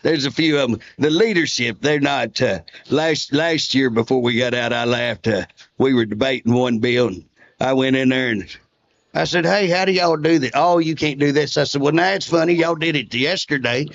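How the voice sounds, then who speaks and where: A man's voice: medium pitch, normal speed, fairly bright tone, dull audio. A man, a state representative telling folksy stories in a casual interview and chuckling often.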